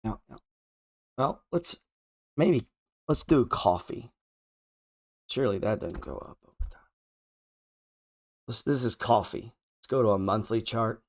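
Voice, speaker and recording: A man's voice: mid-range voice, animated, measured pace, long pauses, darkish tone. A man talks his way through market charts in a loose, off-the-cuff way. He is heavily sarcastic and profane, thinking aloud as he goes. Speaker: trading show host. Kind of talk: casual market commentary while scrolling charts.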